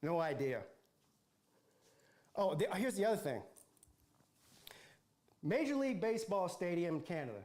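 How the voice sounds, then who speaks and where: Sarcastic high-voiced man ranting. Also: big pitch swings, a little slow, pauses often, a little mellow. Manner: mocking, sarcastic, rambling with restarts. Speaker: football channel host. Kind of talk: ranting livestream commentary.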